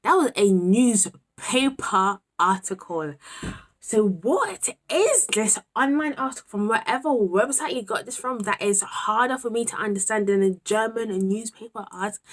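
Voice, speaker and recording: A young British woman in her twenties, a university student talking candidly and rambling to the camera in a vlog, exasperated and talking to herself at times. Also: medium pitch. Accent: British English. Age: 20s.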